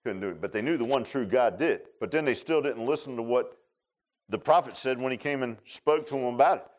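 A man's voice: mid-range voice, a little fast. A man preaching a sermon in a folksy, conversational way. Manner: folksy, conversational preaching with rural Southern grammar.

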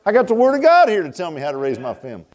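A man's voice: high-pitched, wildly swooping pitch, very fast, a little mellow, lo-fi sound. A middle-aged man preaching a sermon, emphatic and folksy, with many fillers. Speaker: pastor.

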